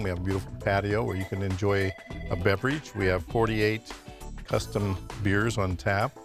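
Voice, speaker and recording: A man, a bar franchisee, appearing live as a studio guest and pitching his business in an upbeat way. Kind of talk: live TV interview.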